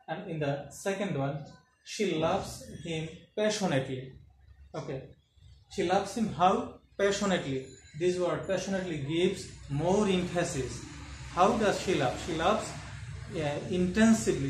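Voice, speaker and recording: A man teaching an English grammar lesson, explaining step by step and checking in with "okay" and rhetorical questions. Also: fairly high pitch. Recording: echoey room with faint ambient noise.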